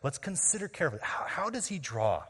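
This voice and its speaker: A man's voice: fairly high pitch, big pitch swings, fast, slightly rough. Man preaching emphatically in a reverberant hall. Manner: emphatic preaching with rhetorical questions, swinging between loud and quiet. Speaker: pastor. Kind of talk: sermon. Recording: long reverb of a large hall.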